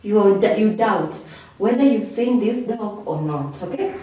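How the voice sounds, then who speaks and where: A woman teaching an English revision lesson, repeating key words and checking in with a high "okay?" after each point. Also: expressive, measured pace, mellow. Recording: echoey room, voice far from mic.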